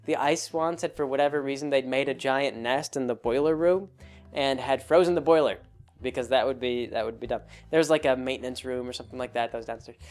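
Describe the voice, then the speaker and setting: A man tells a long, rambling story in a mid-range voice, restarting sentences often and swinging between quiet asides and animated bursts. Faint music plays under him. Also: mid-range voice, brisk. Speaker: host. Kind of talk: casual storytelling monologue.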